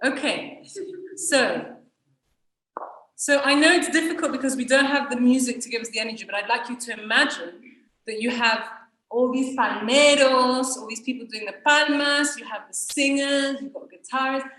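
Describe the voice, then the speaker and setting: High-pitched woman teaching flamenco, chanting the beat, roomy echo. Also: normal speed. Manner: energetic, counts rhythms aloud in syllables. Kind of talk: teaching a dance workshop. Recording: echoey room, distant mic, loud noise.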